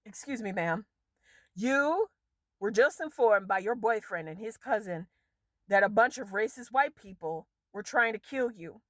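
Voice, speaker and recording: A woman vlogger ranting casually about a film, exasperated and profane, her voice leaping up and down in pitch. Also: expressive, unhurried, a bit bright, no echo, studio quality. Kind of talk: casual rant to camera.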